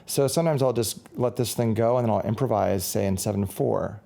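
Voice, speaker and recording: In a casual gear review, a man rambles along in a lowish, gravelly voice with an edge of vocal fry. He sounds mellow and relaxed, chatty and fairly quick, correcting himself as he goes.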